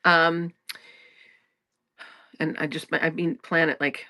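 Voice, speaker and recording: A woman's voice: mid-range voice, normal speed, fairly bright tone, dry recording, studio quality. A woman hosting a spiritual talk in a casual, frank way, swearing freely, laughing often and restarting her sentences. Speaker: spiritual teacher and podcast host.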